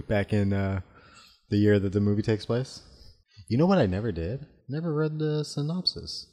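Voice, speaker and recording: A man's voice: fairly low pitch, animated, measured pace, warm tone. A tired man co-hosting a casual podcast chat, rambling, asking questions and correcting himself. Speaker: podcast co-host. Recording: long hall reverb.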